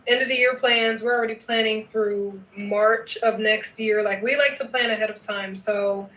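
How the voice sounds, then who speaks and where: A woman's voice: medium pitch, steady tone, normal speed, a bit bright, roomy sound, recorded from a distance, rough recording. A woman chatting casually in a knitting vlog, playful and emphatic, often adding a teasing "okay?". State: sleepy at night. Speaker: knitting vlogger.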